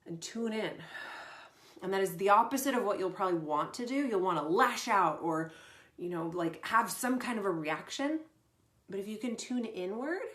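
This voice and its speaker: A woman's voice: fairly low pitch, roomy sound. A middle-aged woman coach giving casual advice in a chatty, conversational way. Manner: chatty, conversational, many fillers. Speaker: performance coach.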